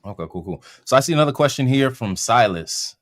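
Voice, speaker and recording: A man's voice: mid-range voice, lively intonation, a little fast. A man hosting a live Q and A, upbeat and chatty, plugging a course and reading out viewers' questions. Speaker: host of a live Q and A.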